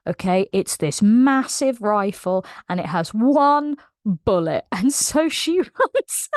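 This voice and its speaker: Animated woman gushing over a book. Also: on the high side, dry recording. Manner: animated, gushing retelling with frequent laughs. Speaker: book reviewer. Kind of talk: casual book recap.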